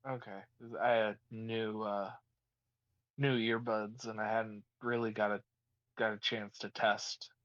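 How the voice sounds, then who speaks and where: Low-voiced man on a muffled call. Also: level tone, fairly bright tone, no echo. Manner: easygoing, halting, many fillers. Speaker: call guest. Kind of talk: casual call chat. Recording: muffled dry call audio through earbuds.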